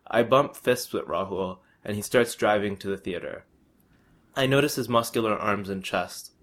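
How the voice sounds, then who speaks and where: A young man reads a first-person story aloud, steady and matter-of-fact. His voice sits somewhat low, and the reading stays plain and unadorned.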